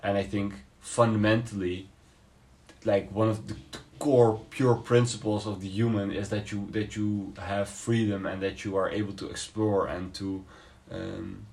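A man with a fairly low voice explains his ideas slowly in a casual podcast debate. He pauses often, reaches for words, and restarts his sentences as he thinks aloud. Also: level tone, vocal fry, a little mellow. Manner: thoughtful, hesitant, many fillers and restarts. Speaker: podcast co-host.

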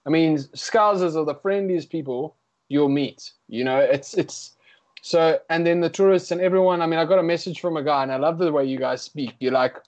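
A young South African guest musician chats casually in an interview, laid-back and slangy. His voice is a little high, at a moderate pace.

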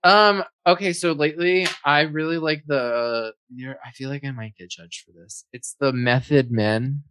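A man in casual podcast banter who leans on "like" and restarts mid-thought. His voice is mid-pitched and dry, as if right on the mic. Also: steady tone, normal speed, bright, forceful tone, clean tone, no echo. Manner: filler-heavy, says "like" a lot. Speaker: podcast co-host. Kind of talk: casual chat.

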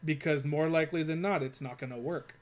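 A man's voice: fairly high pitch, brisk. A young man telling a rambling, profanity-filled work story in casual chat, with lots of fillers.

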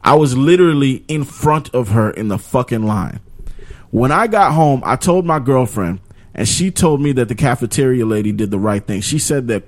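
A man's voice: medium pitch, lively intonation, moderate pace. A man co-hosting a casual podcast, slangy and laid-back, laughing often and reading a listener letter aloud. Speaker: podcast co-host.

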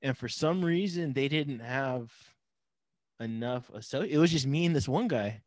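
A man's voice: mid-range voice, measured pace, a little mellow, no room sound. A man hosting a podcast, laid-back and laughing easily as he recalls a summer job. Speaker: podcast host. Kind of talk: casual chat.

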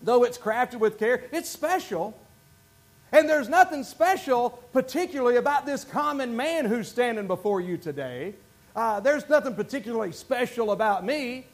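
Folksy Southern preacher, high voice. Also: male voice, moderate pace. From North Carolina. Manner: folksy, self-deprecating, animated with many restarts. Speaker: pastor. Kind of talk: sermon. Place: church sanctuary.

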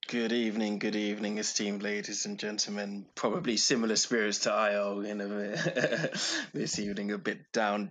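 A man's voice: lowish voice, steady tone, normal speed, a bit bright. A man on a casual chat podcast greeting people in a wry, mock-formal way. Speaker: podcast guest.

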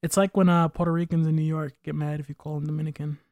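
A man's voice: a little high, flat delivery, fast, a little mellow, no room sound, muffled recording. Opinionated man, dry close sound. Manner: opinionated, rambling, profane. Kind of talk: casual chat.

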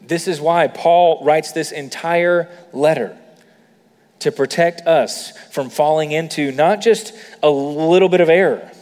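A man's voice: a little high, a little slow, darkish tone, in a large hall. A man preaching a sermon as a pastor, conversational with many fillers, building to emphatic peaks.

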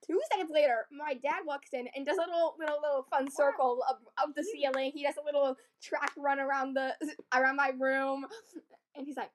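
Giggly high-voiced teenage girl. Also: fairly quick. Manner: giggly, animated storyteller. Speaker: podcast co-host. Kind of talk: casual storytelling chat.

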